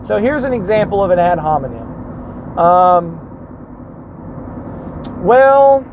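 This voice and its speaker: A man with a high-pitched voice talks through a loose solo show from a car. He rambles, doubles back to correct himself, and tosses in dry asides. The sound is dull and lo-fi, with faint road noise behind him. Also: lively intonation, slow. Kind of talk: casual monologue.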